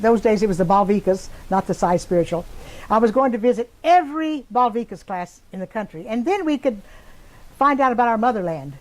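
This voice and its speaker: An older woman telling a personal story in an interview, pausing often with fillers and restarts. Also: a little high, a little mellow, poor audio. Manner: halting, many fillers and restarts. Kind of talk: casual spoken recollection.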